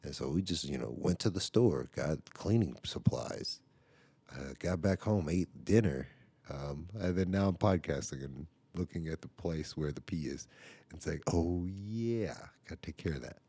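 A man's voice: rumbling low, normal speed, creaky, warm tone, breathy edge, dry recording. A father podcasting from home, telling a story in a casual, rambling way, full of "like" and "right?" asides.

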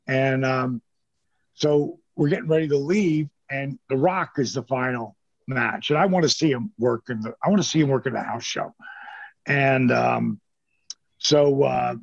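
A man's voice: medium pitch, unhurried, creaky, no room sound, dull audio. An older man, a former pro wrestler, telling rambling, profane stories as an interview guest, with lots of restarts. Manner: rambling, profane, animated storyteller with many restarts. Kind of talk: casual storytelling.

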